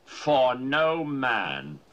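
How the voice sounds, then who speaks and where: A man's voice: mid-range voice, big pitch swings, extremely slow, a bit bright, dull audio, full character voice. An actor in a film comedy playing a stubborn, menacing male knight who speaks in a stern, unyielding way.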